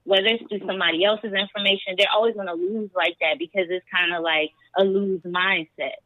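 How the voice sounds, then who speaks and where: A woman's voice: medium pitch, steady tone, brisk, no echo, narrow, tinny audio. A woman calling in to a podcast, giving her opinion emphatically in casual chat. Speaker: caller. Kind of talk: casual chat on a call-in show.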